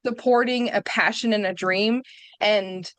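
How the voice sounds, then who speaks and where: A woman's voice: mid-range voice, fairly even intonation, measured pace, fairly bright tone, no echo. A young American woman, a mother and podcast guest, speaking frankly and matter-of-factly in casual chat, with a laugh now and then.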